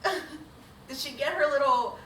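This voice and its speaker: A woman's voice: high voice, steady tone, slow, fairly bright tone, reverberant, far from the mic, slight background noise, poor audio. A woman co-hosting a casual podcast recap, laughing often and swearing freely. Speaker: podcast co-host.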